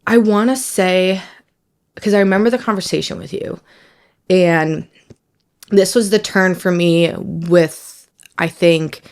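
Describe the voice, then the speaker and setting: A young woman in her twenties talking candidly with her mother, emotional and reflective, halting with many fillers and close to tears. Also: lowish voice, a little mellow. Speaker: daughter, guest. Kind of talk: candid podcast conversation.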